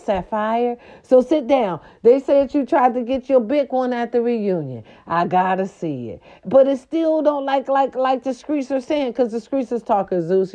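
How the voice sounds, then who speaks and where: Woman host for sassy celebrity gossip, emphatic and theatrical, mellow tone, muffled lo-fi sound. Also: a little high. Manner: sassy and emphatic, repeating catchphrases; theatrical, with swoops and growls.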